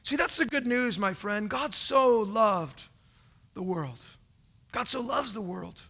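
Preaching from a stage before a congregation, a male pastor has a high, bright, ringing voice. His sermon swings animatedly between loud calls and hushed, almost whispered asides, and he acts out churchgoers' voices.

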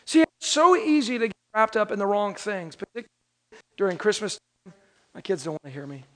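A man with a very high speaking voice delivers a Christmas sermon. He moves from a lively joke story into earnest preaching, slowing down and leaning on key phrases for emphasis. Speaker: pastor.

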